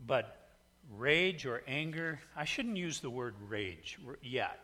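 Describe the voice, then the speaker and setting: A male pastor telling a story in a sermon, animated, swinging from hushed asides to shouts. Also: mid-range voice, slow.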